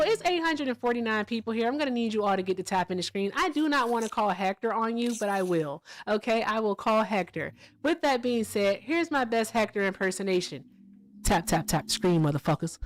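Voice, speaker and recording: A woman hosting a casual live stream, blunt and emphatic. She talks at a middling pitch and swears freely. She keeps punctuating her points with "all right?" and "okay?". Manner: blunt and profane. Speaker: livestream host. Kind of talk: casual livestream chat and commentary.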